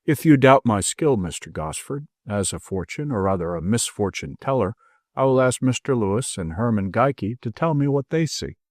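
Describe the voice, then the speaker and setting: A man voicing a stern gentleman who lays out a swindler's guilt in a commanding, ironic way. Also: medium pitch, animated, moderate pace, no echo, studio quality, lightly acted. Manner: commanding, ironic, building in force.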